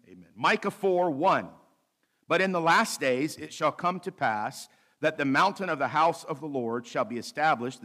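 A male pastor delivering a sermon, reading scripture slowly and adding light asides with a bit of humor. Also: medium pitch, a bit bright. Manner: preaching with light humor, slows to read scripture aloud.

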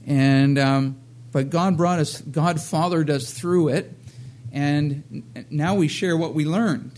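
A man's voice: on the high side, a little mellow. A middle-aged man preaching a casual sermon, rambling with many fillers and laughing at his own jokes.

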